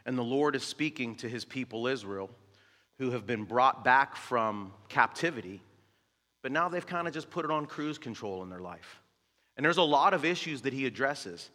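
A man preaching a sermon as a pastor, building to loud, impassioned exhortation. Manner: preaching that swells to loud high-pitched exhortation. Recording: echoey hall with music behind.

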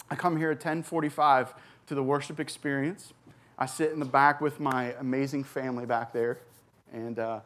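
This forties-aged recovery pastor, his voice a little high, tells his personal story to a church audience from the stage. He comes across as earnest yet halting, restarting often and leaning on fillers.

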